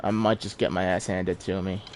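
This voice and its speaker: A man's voice: low voice, level tone, moderate pace, a little hiss or hum. A man giving casual, self-deprecating live commentary while streaming a game, chuckling often.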